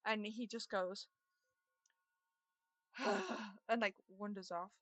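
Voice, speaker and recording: A woman acts as game master for a tabletop game, narrating in a casual, chatty way. Her mid-range voice is fairly bright with fairly even intonation and a moderate pace, recorded dry.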